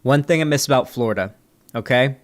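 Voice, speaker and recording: A man's voice: mid-range voice, a little fast. A man hosting a casual commentary show, tossing off sarcastic, exasperated asides. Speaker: host reviewing debates.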